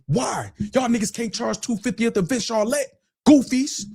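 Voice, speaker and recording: Guy on his stream going off, husky voice, kinda high, cussing and repeating himself. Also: expressive, brisk, darkish tone. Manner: profane, mocking, repeats phrases. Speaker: streamer with his own platform. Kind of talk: angry livestream rant.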